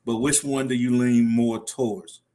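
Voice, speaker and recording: A man's voice: medium pitch, level tone, normal speed, mellow. Laid-back male livestream host. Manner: reads out viewer comments, laughs often. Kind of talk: casual live-stream chat.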